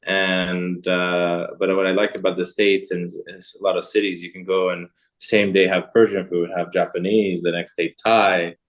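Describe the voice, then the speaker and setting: This is a middle-aged man being interviewed, talking casually about his travels. His voice sits on the lower side, and he rambles, circling back with fillers and false starts. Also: flat delivery, normal speed. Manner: rambling, with many fillers and restarts. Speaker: interview guest.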